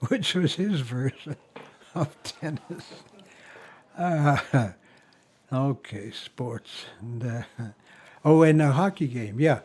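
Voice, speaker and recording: A man's voice: medium pitch, slow pace, pauses often, darkish tone, husky. An older man tells family stories in a rambling way, chuckling often and stopping to restart. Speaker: family member sharing memories. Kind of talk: casual storytelling.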